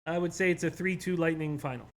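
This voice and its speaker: A man's voice: on the high side, steady tone, fast talker. A man co-hosting a sports betting show, giving his picks in a casual, thinking-aloud way with fillers and repeats. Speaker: co-host, sports betting analyst.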